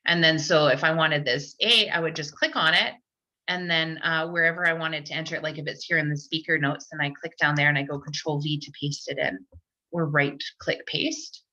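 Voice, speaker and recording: Bright-voiced woman presenting a teacher workshop. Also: low-pitched, steady tone, moderate pace. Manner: chatty, filler-heavy, restarts often. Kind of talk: live online tech tutorial. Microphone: computer mic on a video call. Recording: dull lo-fi online call audio.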